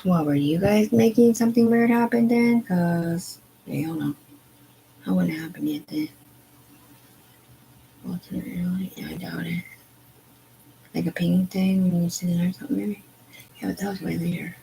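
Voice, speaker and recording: A woman ranting on a live stream, agitated and profane, rambling in disjointed bursts that sink to quiet mumbling. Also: lowish voice, moderate pace, creaky, slight background noise, rough recording. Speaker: livestreamer. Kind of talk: unscripted live stream rant.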